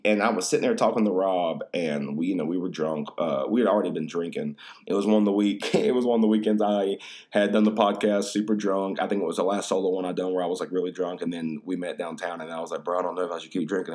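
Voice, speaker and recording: A young adult man hosting a solo podcast, telling stories in a rambling, profane way with laughs. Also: mid-range voice. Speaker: podcast host. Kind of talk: casual solo podcast chat.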